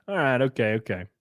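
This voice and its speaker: A man's voice: mid-range voice, no room sound, studio quality. A young man hosting a livestream, ranting crudely and mockingly in casual commentary. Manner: crude, mocking, animated rants with laughs. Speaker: streamer host.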